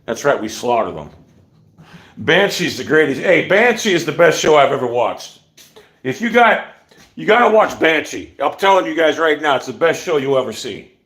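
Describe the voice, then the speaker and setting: A man's voice: on the high side, sing-song, normal speed, fairly bright tone. A man hosting a casual livestream, ranting bluntly with profanity and rambling asides. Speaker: livestream host.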